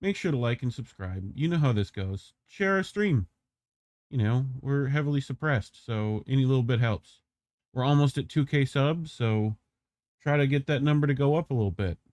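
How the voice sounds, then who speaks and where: Dude co-hosting a news stream, casual and rambly, dry close sound, regular pitch. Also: male voice, lively intonation, normal speed, darkish tone, no echo. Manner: chatty, loose, with many fillers. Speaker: news show co-host. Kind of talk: casual commentary on a livestream.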